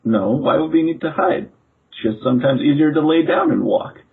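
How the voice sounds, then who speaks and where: A man's voice: fairly high pitch, lively intonation, fairly quick, creaky, slightly rough, voice pushed up, heavily acted. A man voicing a small shadow boy who answers in a matter-of-fact, puzzled way. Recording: tinny phone-like audio.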